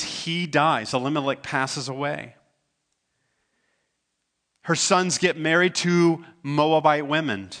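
A man's voice: on the high side, pushed and bright. A man preaching a sermon as pastor. He retells a scripture story in his own conversational words, earnest and stumbling now and then over repeated words.

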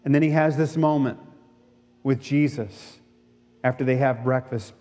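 A man's voice: mid-range voice, measured pace, warm tone. Man preaching in a reverberant hall. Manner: reads scripture, then preaches with rhetorical questions. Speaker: pastor. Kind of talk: sermon.

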